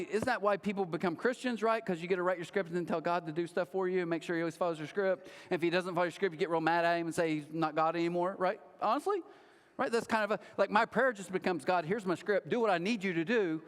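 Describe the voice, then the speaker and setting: Animated joking pastor preaching in a hall. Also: male voice, sits high. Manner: joking, self-mocking, animated storytelling. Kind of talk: sermon. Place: large church auditorium.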